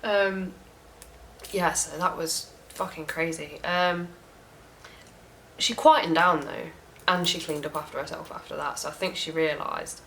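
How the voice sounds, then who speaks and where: Young woman, lowish voice, casual storytime rant, swears freely, animated. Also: measured pace, gravelly, a little hiss or hum, low-quality recording. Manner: frank, swears often, animated retelling. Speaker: vlogger.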